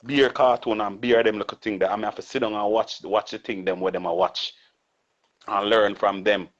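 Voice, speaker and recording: A man's voice: fairly low pitch, steady tone, moderate pace. A middle-aged man with a Jamaican accent, talking reflectively as an interview guest and often closing on a tag question. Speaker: guest artist. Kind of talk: casual interview talk. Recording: muffled lo-fi audio.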